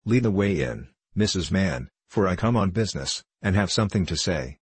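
A fat, choleric parish beadle, full of his own importance and fond of his own speeches, as a male reader puts him on. The voice sits low and a little husky. The recording is dry and close. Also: lively intonation, moderate pace, no echo, exaggerated voice. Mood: pompous. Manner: pompous, self-important oratory. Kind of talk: audiobook character voice.

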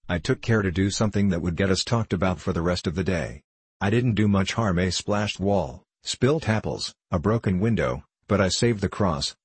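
A man's voice: low-pitched, husky, no echo. A man voicing a mild, vague little country priest who speaks simply and apologetically in an audiobook reading.

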